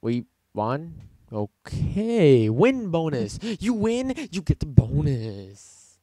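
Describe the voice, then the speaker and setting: A man's voice: a little high, very animated, takes it slowly, dark tone, no echo, faint music behind. A young man casually commentating his basketball video game, rambling, sarcastic and profane. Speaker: gaming channel host.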